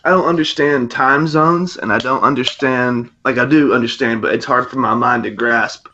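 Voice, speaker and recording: A man's voice: mid-range voice, normal speed, bright, forceful tone. A young man co-hosting a casual podcast chat over a video call, joking and laughing often. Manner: laughs a lot, loose and joking. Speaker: podcast co-host. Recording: dull lo-fi call audio.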